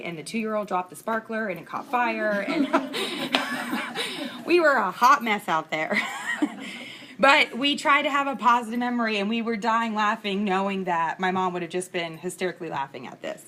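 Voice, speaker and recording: Recorded on a screencast mic, this instructor in her thirties speaks at a medium pitch with a sharp tone, and a little hiss or hum is audible. Her lecture is relaxed and frank, full of personal anecdotes she laughs her way through.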